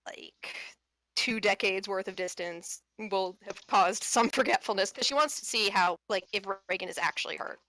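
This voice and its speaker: A woman's voice: medium pitch, normal speed, bright, forceful tone, no room sound. A woman playing a tabletop game, talking casually and hesitantly. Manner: casual, hesitant, laughing easily. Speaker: player. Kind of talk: tabletop role-play chat.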